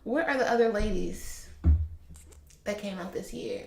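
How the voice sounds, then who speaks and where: A woman's voice: medium pitch, measured pace, gravelly, darkish tone, reverberant. A woman co-hosting a podcast, chatting casually in a candid, laughing, profane way. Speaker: podcast co-host. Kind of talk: casual chat.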